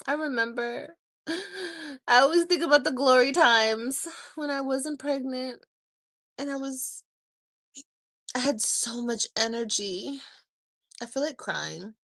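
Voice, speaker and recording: A tired woman in her thirties chats to her livestream viewers, sighing often and dragging her words out slowly. The recording is close and dry, with no room sound. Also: high-pitched, a bit bright, no room sound. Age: 30s. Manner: weary, sighing, drawn-out talk. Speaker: livestreaming vlogger. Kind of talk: casual livestream chat.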